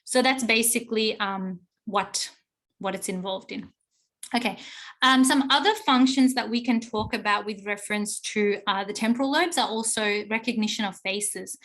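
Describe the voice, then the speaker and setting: A young adult woman, a psychology teacher explaining to her class, often checking in with "okay?" and pausing on fillers. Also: mid-range voice, fairly bright tone. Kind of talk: recorded online class lecture.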